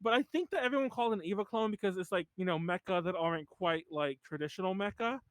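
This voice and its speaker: A man's voice: sits high, quick pace, fairly bright tone, smooth, no room sound. A man hosting a podcast in casual chat, rambling with many fillers and restarts. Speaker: podcast host.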